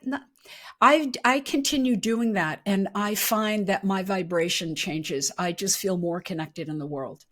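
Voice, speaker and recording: A woman hosts a podcast and chats casually with her guest. Her voice sits at an ordinary middle pitch, and she keeps affirming him with "mm-hmm" and "yeah" as he talks. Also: a little slow, a bit bright. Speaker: podcast host. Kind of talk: casual conversational interview.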